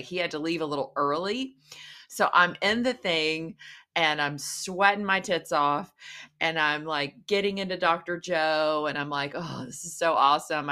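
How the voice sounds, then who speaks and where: A middle-aged woman vlogger chats casually and candidly to camera, rambling and poking fun at herself as she tells stories. Her voice is low, pushed, and bright.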